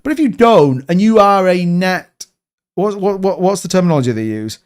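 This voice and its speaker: Yorkshire male livestream host, casual and blunt, repeats his points, slightly high pitch. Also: animated, normal speed, smooth. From Yorkshire, England. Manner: chatty, blunt, repeats himself, says mate. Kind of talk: casual livestream chat reading viewer comments.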